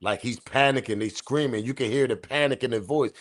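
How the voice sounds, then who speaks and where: A man hosting a commentary channel, talking in a casual, slangy, animated way and repeating his points. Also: medium pitch, a little fast. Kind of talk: casual commentary on audio clip.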